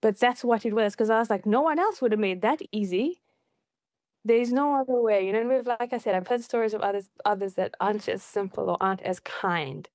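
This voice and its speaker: A woman guest in an interview, telling her own story in a casual, animated way and jumping up in pitch when she quotes people. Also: fairly quick, dry recording. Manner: animated, acts out quoted voices with high pitch jumps.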